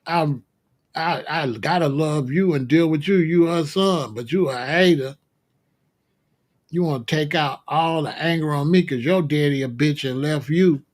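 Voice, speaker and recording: This commentary host has a distinctly high-pitched voice and unloads a comedic rant at a measured pace. Loud street slang fills his lecture, along with plenty of mockery and free-flowing profanity.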